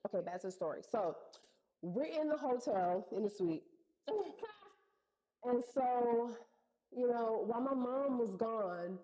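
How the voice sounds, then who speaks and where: A woman's voice: mid-range voice, poor audio. A woman telling a personal story in a casual, slangy way, acting out what people said. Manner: animated, slangy retelling with acted-out quotes.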